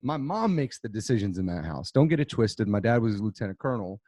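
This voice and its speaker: A man in his thirties co-hosting a business podcast, chatting casually and telling stories in an animated way. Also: lowish voice, quick pace, no room sound. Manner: storytelling, animated. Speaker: podcast co-host. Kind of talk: casual chat.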